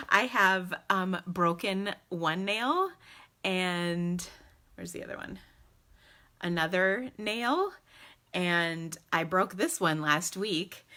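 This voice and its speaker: Woman, 40s, home crafting live-streamer on a phone camera; bright, chatty, laughs a lot. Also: medium pitch. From United States. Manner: bubbly and chatty, laughing often. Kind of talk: casual live-stream chat. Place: at home indoors. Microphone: phone camera in selfie mode.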